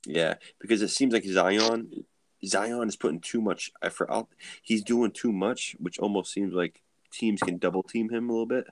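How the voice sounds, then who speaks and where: Deep gravelly laid-back man. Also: moderate pace, dry recording. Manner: laid-back, heavy use of "like". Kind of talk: casual chat on a live video show. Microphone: video call.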